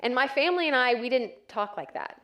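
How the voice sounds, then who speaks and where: A woman's voice: high voice, lively intonation, brisk, fairly bright tone. A woman in her thirties from West Texas, giving a conversational, self-deprecating talk to a church audience with frequent ums. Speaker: church speaker.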